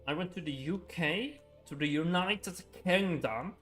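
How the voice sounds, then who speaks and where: A man's voice: on the high side, a little slow, fairly bright tone, soft background music. A young man chatting casually on a gaming livestream, rambling with frequent chuckles and filler words.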